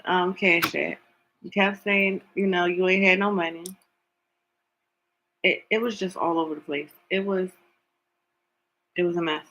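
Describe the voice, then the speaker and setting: A tarot reader speaks in an opinionated vlog commentary at a middling pitch. The voice carries a steady gravelly fry. Points land through emphatic repetition and rhetorical questions. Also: poor audio. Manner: emphatic, repeats words for stress.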